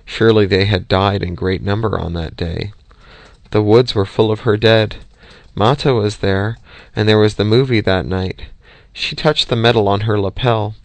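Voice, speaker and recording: Gravelly low-voiced man narrating an audiobook. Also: steady tone, normal speed, no echo. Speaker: audiobook reader.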